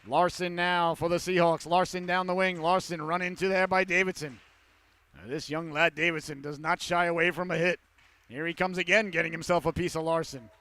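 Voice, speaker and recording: A man calling a youth hockey game play-by-play, with rapid calls that rise to excited shouts on goals. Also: on the high side, clean tone, dry recording. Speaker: play-by-play commentator.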